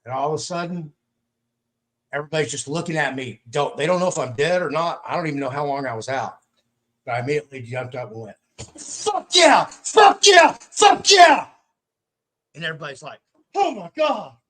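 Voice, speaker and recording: A man hosting a podcast, telling a story in a casual, animated way, swearing freely and acting out what others said. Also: mid-range voice, fast. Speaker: podcast host.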